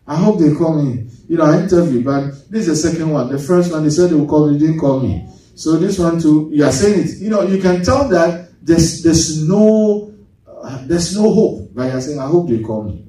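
A man's voice: on the high side, moderate pace, dark tone. A man preaching a sermon as pastor, asking the congregation rhetorical questions and drawing responses. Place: church sanctuary. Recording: echoey church hall, from far off.

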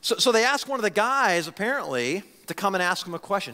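A man preaching a sermon as a pastor, talking in an animated, conversational way with frequent restarts. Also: high-pitched, fast, few pauses, in a large hall. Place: church sanctuary.

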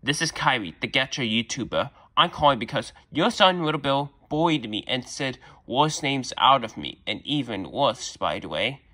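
A man's voice: medium pitch, lively intonation, normal speed, few pauses, sharp tone. A man voicing a young girl YouTuber who whines and pleads, barely shifting his own voice. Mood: hurt.

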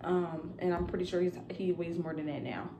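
A woman's voice: fairly low pitch, normal speed, gravelly, echoey room, noisy background. A young woman vlogging casually to camera about new motherhood, rambling with lots of fillers. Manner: chatty and rambling, with many fillers.

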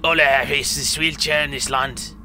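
A man's voice: medium pitch, steady tone, normal speed, sharp tone, slight background noise. A man voicing a bitter, rambling old man in a wheelchair who rants and swears crudely.

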